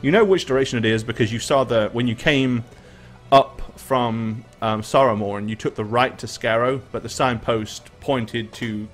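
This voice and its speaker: Male game master, easygoing, hesitant delivery, mid-pitched. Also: moderate pace, faint music behind. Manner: relaxed, hesitant with many ums. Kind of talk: narrating a tabletop game.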